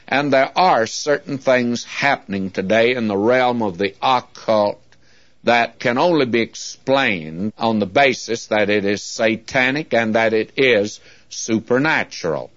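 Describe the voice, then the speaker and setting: A man's voice: medium pitch, dry recording. A man teaching the Bible in an earnest, folksy preaching style, often addressing his listeners as friends. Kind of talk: radio Bible teaching sermon. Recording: dull lo-fi dry recording.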